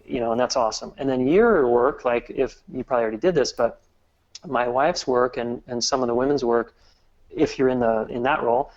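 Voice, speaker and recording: A man speaking in a relaxed interview, working through his points one step at a time and often restarting a phrase. He has a mid-range voice. The recording sounds dull and a little lo-fi. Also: medium pitch. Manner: earnest, explains step by step with many restarts. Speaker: guest relationship expert. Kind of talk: casual interview talk.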